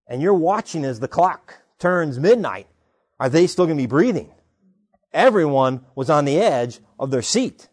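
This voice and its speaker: A man preaching a sermon in a conversational, animated way, retelling stories and asking rhetorical questions. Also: on the high side. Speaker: pastor.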